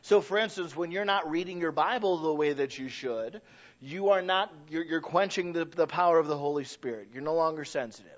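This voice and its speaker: A man preaching a sermon as pastor, animated and folksy, swelling loud and then dropping low. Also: fairly quick. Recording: dull lo-fi recording.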